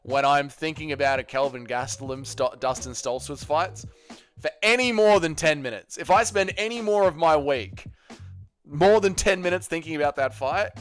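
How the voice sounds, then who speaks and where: A man's voice: a little high, smooth. A man hosting a livestream, reading out viewer comments and answering with crude, joking banter. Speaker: livestream host.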